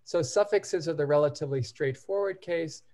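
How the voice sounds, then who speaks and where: A man's voice: a little high, moderate pace, dark tone. A man presenting at a university seminar, giving an academic lecture and explaining step by step with occasional hesitation fillers. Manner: methodical, explains step by step while walking through examples.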